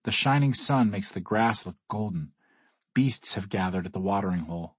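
A man narrating a first-person audiobook in a measured, wry manner. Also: lowish voice, expressive, slightly rough, no echo.

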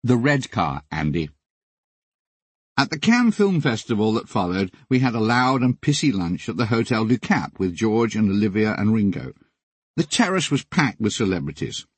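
An older man narrating his memoir in a wry, deadpan comic style. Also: on the low side, normal speed, slightly rough, dry recording.

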